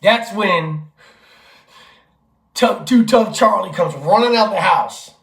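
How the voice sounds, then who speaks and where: Animated profane man telling a story. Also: high-pitched, slow, vocal fry, echoey room. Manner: animated, profane, acts out quotes. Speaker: vlogger, father. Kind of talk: casual storytelling vlog.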